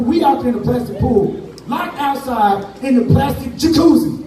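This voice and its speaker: A man performing stand-up on a club stage, telling a story in loose, slangy talk. His voice is unusually high for a man. The camera is far off, so the room echoes heavily and the crowd and noise are clear. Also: lively intonation, moderate pace. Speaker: stand-up comedian. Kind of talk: stand-up comedy set.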